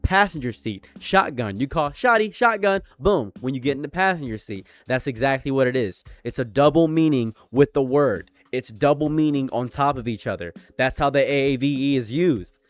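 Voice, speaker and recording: A man's voice: mid-range voice, animated, normal speed, few pauses, no echo, faint music behind. A man with an American accent and a slight foreign tang, doing casual commentary and repeating his points with emphasis. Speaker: commentary YouTuber.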